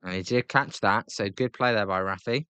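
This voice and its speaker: A British man giving live play-by-play reaction to a baseball game, chatty with fillers between pitches and excited calls on big plays. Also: moderate pace, clean tone, dry recording. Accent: British English. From Britain.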